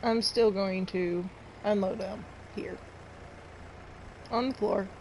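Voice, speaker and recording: A woman's voice: mid-range voice, fairly even intonation, slow, darkish tone, slight background noise, low-quality recording. A woman streaming a farming game, chatting casually and rambling to her viewers. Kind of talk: casual live-stream chat while playing.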